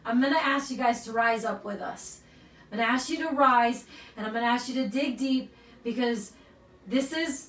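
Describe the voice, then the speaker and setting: Earnest, high-voiced woman gym owner. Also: fairly bright tone. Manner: earnest, emotional, repeats "right?". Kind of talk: motivational address to members. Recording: roomy sound from a distance.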